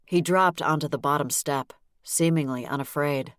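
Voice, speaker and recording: A woman's voice: low-pitched, normal speed, a bit bright, no echo, studio quality. Wry woman narrating an audiobook. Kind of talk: first-person novel narration.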